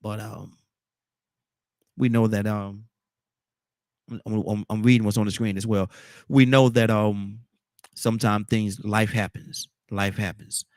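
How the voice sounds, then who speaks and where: A man hosts a call-in radio talk show in a fairly low voice. He speaks in a steady, affirming way. The sound is dry and close. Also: unhurried, pauses often, no echo. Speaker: radio host.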